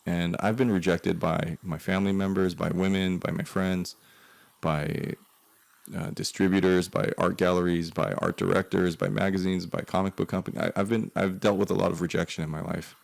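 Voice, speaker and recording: A man's voice: deep voice, flat delivery, moderate pace, creaky. A man telling a personal story to an audience, emphatic and profane, muttering curses under his breath. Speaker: guest speaker.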